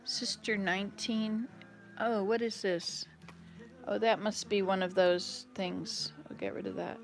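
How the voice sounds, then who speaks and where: A woman's voice: medium pitch, steady tone, measured pace, creaky, faint music behind. A woman hosting a casual live stream from her home kitchen, chatting with viewers and answering their comments as they come in.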